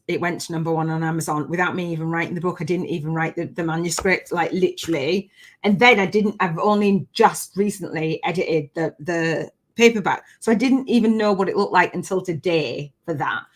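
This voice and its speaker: A woman hosting a live online coaching session in a gushing, animated way, sometimes near tears. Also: lowish voice. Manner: gushing, animated, often laughing; emotional, near tears at times. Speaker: spiritual business coach hosting a live challenge. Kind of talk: live-streamed coaching chat.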